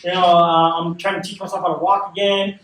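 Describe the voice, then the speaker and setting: A man's voice: high voice, flat delivery, a little fast, fairly bright tone, slight background noise. A man giving a personal recovery testimony in casual storytelling, with slang and repeated phrases. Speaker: recovery speaker. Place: recovery service hall. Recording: echoey room from far off.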